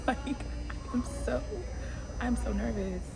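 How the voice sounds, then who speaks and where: A woman's voice: on the high side, fairly even intonation, takes it slowly, vocal fry, music in the background, rough recording. A woman vlogging casually to the camera about her training, chatty and venting, saying y'all. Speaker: vlogger in flight attendant training. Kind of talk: casual vlog talk to camera.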